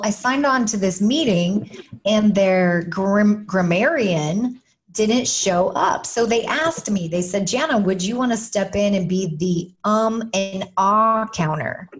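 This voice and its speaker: A woman from Kansas with a Kansas accent, an animated and playful storyteller chatting as a guest in an interview. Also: medium pitch. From Kansas, USA. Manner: animated storyteller, playful, bursts into sing-song. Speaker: guest, motivational speaker. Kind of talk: casual interview chat.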